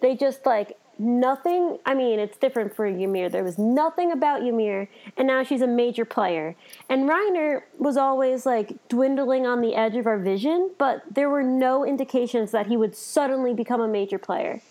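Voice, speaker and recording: High-voiced young woman chatting. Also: moderate pace, darkish tone. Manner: chatty, thoughtful, lots of filler. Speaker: podcast co-host. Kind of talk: casual anime review chat.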